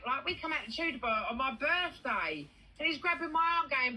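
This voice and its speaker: Lively, high-pitched woman ranting. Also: fast talker, a little hiss or hum, poor audio. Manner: blunt, swears freely, emphatic. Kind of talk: casual live chat.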